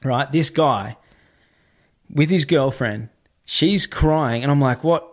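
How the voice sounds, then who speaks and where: A man telling a story in casual talk, animated and swearing, acting out what other people said. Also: medium pitch, takes it slowly.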